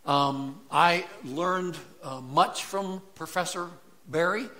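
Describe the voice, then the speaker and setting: A man's voice: fairly high pitch, slow pace, bright, forceful tone, a little hiss or hum. A middle-aged man preaching a sermon as pastor, in a conversational way, often checking in with "right?". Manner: conversational, tag questions like "right?".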